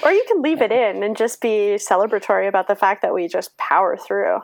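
A woman's voice: medium pitch, a little fast, vocal fry, dry recording. A Canadian woman with a congested, sick voice chats on a podcast, drifting into loose, giggly tangents. Her voice is dry and close, with no room sound around it. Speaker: podcast co-host. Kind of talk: casual chat.

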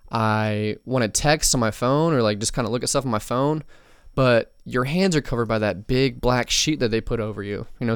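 A man's voice: medium pitch, clear, resonant tone, no room sound, studio quality. A young man hosting a podcast alone, rambling casually with lots of swearing, fillers and tangents. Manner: rambling, profane, many fillers and asides. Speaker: podcast host.

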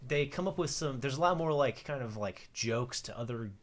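Animated man telling a story. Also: medium pitch, normal speed, crowd noise. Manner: animated storyteller, acts out quoted voices, laughs often. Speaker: podcast co-host. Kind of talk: casual chat.

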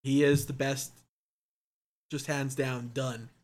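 A man's voice: mid-range voice, level tone, slow pace. A young man in casual chat, blunt and profane, talking with emphatic enthusiasm.

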